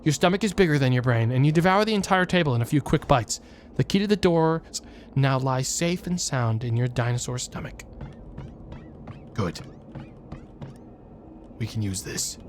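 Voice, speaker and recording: A man streaming a video game, reading the game text aloud with deadpan, jokey asides. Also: mid-range voice, normal speed, background noise. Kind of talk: casual let's play commentary.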